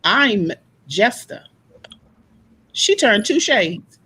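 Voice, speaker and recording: A woman in a casual panel discussion, telling stories in an animated way and acting out the people she quotes. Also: fairly high pitch, extremely slow, slightly rough, low-quality recording. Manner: animated storyteller, acts out quoted voices. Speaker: panel guest.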